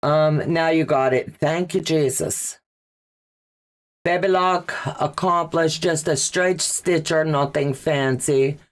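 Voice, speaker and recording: A woman hosts a relaxed sewing livestream and chats with her viewers as she reads their comments. Her voice sits low and her speech moves at an unhurried, easy pace. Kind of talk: casual livestream chat.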